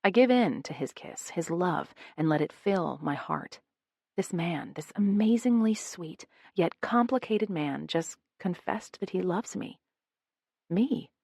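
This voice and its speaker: A woman's voice: lowish voice, no echo, clean studio sound. A woman reading a first-person romance audiobook in an intimate voice. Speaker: audiobook narrator.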